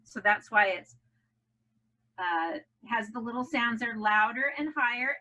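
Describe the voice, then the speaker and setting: A woman's voice: fairly high pitch, lively intonation, unhurried, bright, forceful tone, rough recording. A woman teaching English language learners in a recorded lesson for children, encouraging and carefully drawing out her stressed vowels. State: out of breath after jumping jacks. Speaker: ESL teacher.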